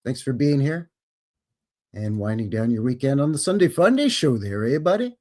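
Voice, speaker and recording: A man from Canada hosts a live stream in a folksy, chatty way, greeting his viewers one by one. His pitch swings widely and keeps the talk animated. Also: moderate pace. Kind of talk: casual live-stream chat.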